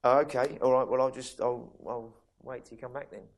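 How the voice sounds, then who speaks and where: A man voicing God as a patient, calm male deity, gentle and unhurried in a sermon. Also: mid-range voice, natural voice.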